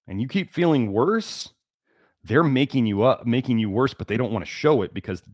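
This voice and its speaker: A man's voice: medium pitch, darkish tone, no echo, studio quality. A man hosting a health livestream, lecturing emphatically and repeating key words for stress. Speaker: livestream host.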